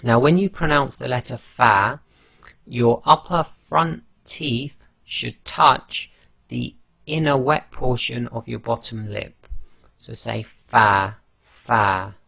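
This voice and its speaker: Man, teacher, slow deliberate pace, gravelly low rasp, dry close sound, patient demonstrations. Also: bright, forceful tone, dry recording. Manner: patient, demonstrates each letter sound slowly. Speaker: Quran recitation teacher. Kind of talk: slow instructional explanation.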